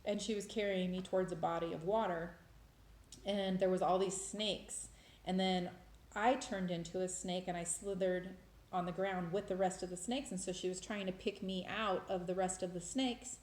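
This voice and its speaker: A vlogger shares a personal faith story as a casual, emotional testimony monologue, rambling and restarting often. Her voice is on the low side, steady, a little mellow, and at a normal speed, with a roomy echo around it.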